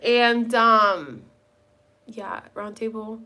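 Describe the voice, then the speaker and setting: A young woman talks casually to her live viewers from home. Her voice is bright and sits a little high. She rambles from one thought to the next and swears offhandedly. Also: animated, normal speed. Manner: rambling, chatty, casually profane. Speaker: live streamer chatting with viewers. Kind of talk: casual chat.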